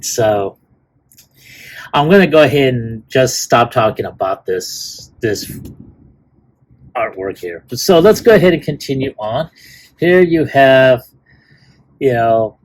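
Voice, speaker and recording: Slow, rambling man reviewing toys. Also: medium pitch. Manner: rambling, many fillers and restarts. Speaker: toy reviewer. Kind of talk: casual unboxing review.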